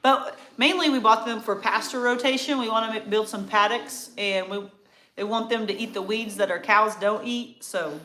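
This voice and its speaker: A woman's voice: on the high side, moderate pace, sharp tone. A woman co-hosting a casual farm livestream, chatting and reading viewer comments aloud. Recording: echoey room with faint noise.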